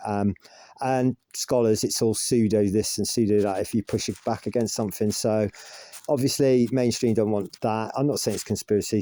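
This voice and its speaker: A man's voice: fairly low pitch, dark tone. A man casually recounting an argument with an AI, rambling and pushing back. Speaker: vlogger.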